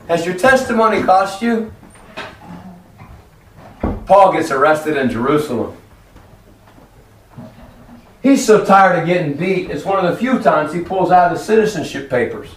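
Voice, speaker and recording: A man preaching a lively sermon in a church hall, acting out voices as he tells stories. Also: high voice, measured pace, long pauses. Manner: animated, acts out voices in stories. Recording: echoey hall, from far off, faint noise.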